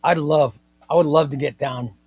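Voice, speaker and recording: A man's voice: fairly high pitch, moderate pace, breathy edge, no room sound. Chatty man hosting a live stream. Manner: playful, mock-indignant, chatty and excitable. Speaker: host of a live comics stream. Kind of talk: casual live-stream chat reading viewer comments.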